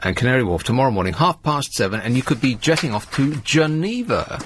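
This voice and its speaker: Male talk-radio host, sardonic, animated pitch. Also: fairly quick, a little hiss or hum. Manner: dry, sardonic, reads tabloid quotes aloud. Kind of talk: late-night radio talk with callers. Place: radio studio.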